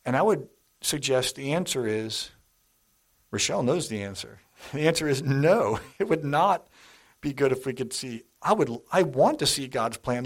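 A man's voice: medium pitch, expressive, normal speed. A middle-aged man preaching a sermon in a church, telling stories in a conversational way and speaking straight to the congregation. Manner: conversational storytelling, addresses the congregation directly.

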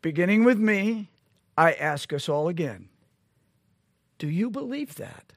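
Brief: high-pitched male preacher, slow and deliberate, pressing rhetorical questions, dry close sound. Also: expressive, no room sound. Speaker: pastor. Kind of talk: sermon.

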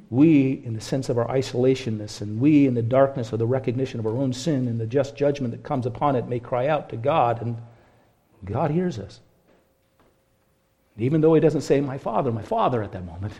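A man preaching a sermon as pastor, impassioned, swinging between hushed, quiet passages and ringing, raised ones. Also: medium pitch, husky.

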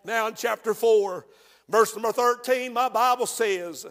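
A high-voiced preacher delivering a sermon. He drops to hushed storytelling, then climbs to shouted proclamations. His voice rolls through the long reverb of a church hall. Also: fairly even intonation, moderate pace. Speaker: pastor.

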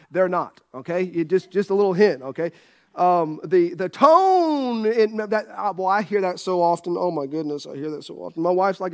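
A man's voice: high-pitched, animated, a little fast. A middle-aged man preaching a sermon as pastor, folksy and joking with his congregation. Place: church sanctuary.

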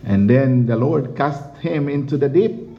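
A man's voice: medium pitch, unhurried, vocal fry, lo-fi sound. A man preaching a sermon and reading scripture, emphatic and repetitive, often laughing.

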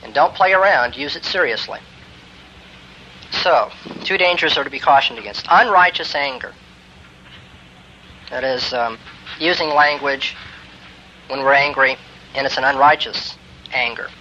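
A man giving a classroom lecture on Christian ethics, emphatic and building to forceful exclamations. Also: mid-range voice, measured pace, long pauses. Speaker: theology lecturer. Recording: dull lo-fi lecture tape with faint hiss.

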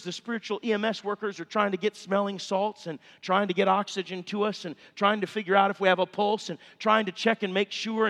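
A man's voice: sits high, a bit bright. A middle-aged male pastor, preaching a sermon with fervent, impassioned appeals in a church sanctuary. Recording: long reverb of a church hall.

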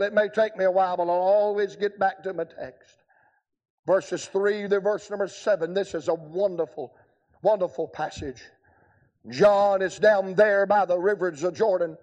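A man preaching a revival sermon, emphatic and swinging from quick asides to long, drawn-out shouted lines. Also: sits high.

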